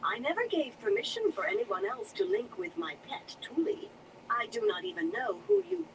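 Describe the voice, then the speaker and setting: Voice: very high-pitched, very animated, moderate pace, creaky, recorded from a distance, noisy background, voice pushed up, heavily acted. A hobby reader voicing a haughty, stern woman captor who demands answers in a fantasy audiobook. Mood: indignant.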